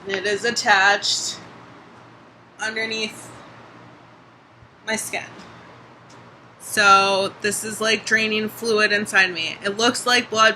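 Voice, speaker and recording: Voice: medium pitch, pushed and bright, a little hiss or hum, low-quality recording. A young adult vlogger talking casually in a video diary, chatty, full of "like" and casual swearing.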